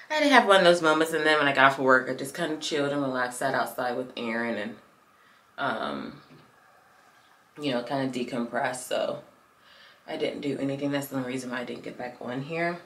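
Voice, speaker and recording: A sleepy woman with an extremely low but fairly bright voice vlogs from her car on a phone camera, her mouth numb after dental work. She chats casually and rambles to her viewers, and the car recording is noisy.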